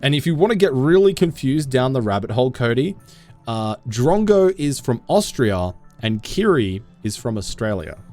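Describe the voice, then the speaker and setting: A man's voice: medium pitch, big pitch swings, moderate pace, darkish tone, faint music behind. A man live-streaming a game, chatting casually with viewers in a goofy, self-mocking way.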